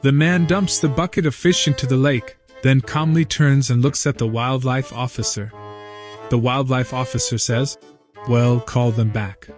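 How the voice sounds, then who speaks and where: A man narrating jokes in a scripted, even storytelling manner as host of a joke channel. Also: mid-range voice, normal speed. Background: faint background music.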